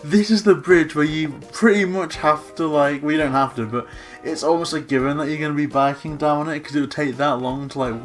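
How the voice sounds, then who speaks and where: Gushing man touring a game island. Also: a little high. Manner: gushing, gasping, breathless exclamations. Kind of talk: excited gameplay commentary.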